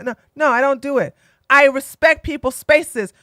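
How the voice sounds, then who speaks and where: A woman giving blunt, opinionated commentary as an online streamer, animated and fond of mocking impressions. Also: high voice, normal speed, no echo, studio quality.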